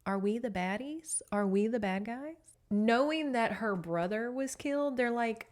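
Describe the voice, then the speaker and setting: Woman podcaster doing a book recap, chatty and swearing a lot, normal middle pitch. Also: unhurried. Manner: chatty, profane, animated. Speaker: podcast host.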